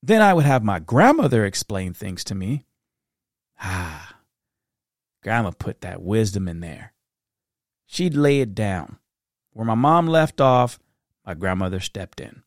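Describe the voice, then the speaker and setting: A middle-aged man hosting a reflective solo podcast, talking earnestly in a storytelling way that turns soft-spoken at times. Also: fairly low pitch, big pitch swings, a little slow, long pauses, no echo, clean studio sound. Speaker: podcast host.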